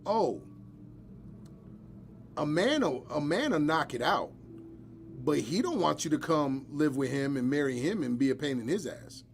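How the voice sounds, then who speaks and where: A man's voice: on the high side, a little slow, pauses often, slight background noise. A man hosting a live podcast, chatting casually and bluntly with joking asides. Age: adult, married. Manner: blunt, joking, animated storytelling. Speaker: podcast host.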